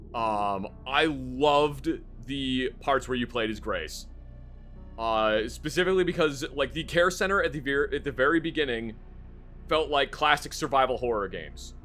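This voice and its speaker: A man's voice: medium pitch, a bit bright. A man streaming live, rambling casually about a game he just finished, with lots of fillers and the odd curse.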